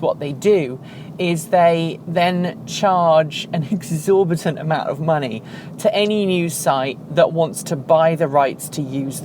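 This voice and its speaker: A woman hosting her own show, giving casual video commentary in a chatty, rambling way and correcting herself as she goes. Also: fairly low pitch. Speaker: show host. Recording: steady background noise.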